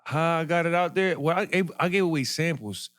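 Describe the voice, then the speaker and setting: A man, a podcast guest telling his story in animated street slang. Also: a little high, brisk. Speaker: podcast guest, clothing brand founder. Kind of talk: casual interview storytelling.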